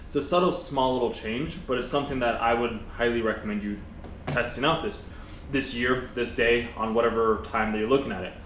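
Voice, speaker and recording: A man's voice: mid-range voice, brisk, fairly bright tone, echoey room, a little hiss or hum, rough recording. A man vlogging a casual motivational monologue, earnest and reflective, talking with his mouth full while he eats. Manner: earnest, reflective, rambling with restarts.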